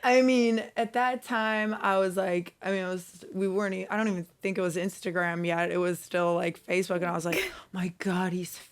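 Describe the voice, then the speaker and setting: A woman's voice: medium pitch, steady tone, fairly quick, hardly any pauses, clear, resonant tone. A woman co-hosting a podcast, telling dating stories in a casual chat, laughing often and swearing a lot. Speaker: podcast co-host.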